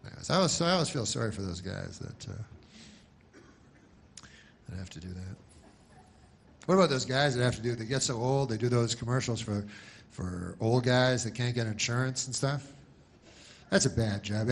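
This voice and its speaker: Brief: male stand-up comic, dry deadpan delivery, meandering and hesitant. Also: mid-range voice, moderate pace, long pauses, slight background noise. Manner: deadpan, rambling, full of restarts. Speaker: stand-up comedian. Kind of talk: stand-up comedy.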